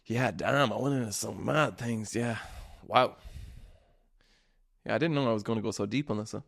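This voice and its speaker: A man's voice: fairly low pitch, moderate pace, creaky. A young man hosting a solo podcast, telling stories in a rambling, casual way, swearing freely and laughing often. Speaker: podcast host.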